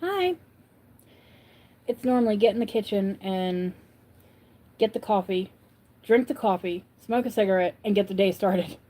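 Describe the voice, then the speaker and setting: A woman's voice: medium pitch, animated, a little slow, pauses often, dark tone. A woman from upstate New York hosting a casual livestream, chatting and answering viewers' comments as she goes. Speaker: livestream host.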